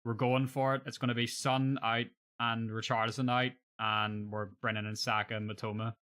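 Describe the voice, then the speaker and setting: A man's voice: medium pitch, little pitch movement, moderate pace, bright, forceful tone, clear, resonant tone. A young man chatting casually on a live stream, joking and swearing freely.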